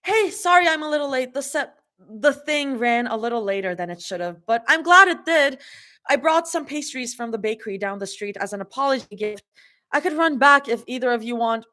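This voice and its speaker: A woman's voice: sits high, lively intonation, brisk, pushed and bright, pitched above the performer's own voice. A woman reading a fanfiction aloud, voicing a sweet young woman who sounds breathless and apologetic.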